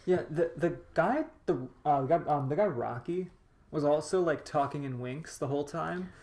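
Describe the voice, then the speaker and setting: A woman's voice: low-pitched, moderate pace, warm tone. A woman co-hosting a podcast, animatedly retelling movie scenes in casual chat. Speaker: podcast co-host.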